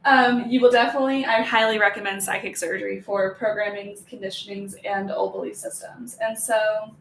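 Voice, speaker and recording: A young woman talks through an energy-healing routine in a loose, chatty way, leaning on fillers and little giggles. Her voice sits at an ordinary middle pitch. It bounces around a hard, roomy space with a faint hiss underneath. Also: fairly even intonation, a little fast, gravelly, few pauses. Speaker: energy healer. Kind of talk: casual spiritual vlog, guided healing. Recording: echoey room.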